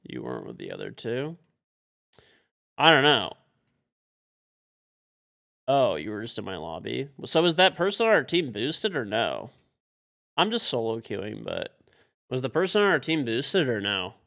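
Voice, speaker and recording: A man's voice: mid-range voice, wildly swooping pitch, unhurried, vocal fry, long pauses, fairly bright tone. A man streaming a video game live, frustrated and swearing as he mutters to himself and talks to teammates. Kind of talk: live-stream commentary while playing.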